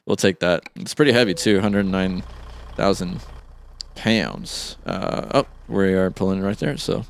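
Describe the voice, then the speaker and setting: A man's voice: deep voice, measured pace, gravelly, a little hiss or hum. A man hosting a let's play, chatting casually and thinking aloud with an easygoing, chuckling manner. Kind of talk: casual gameplay commentary.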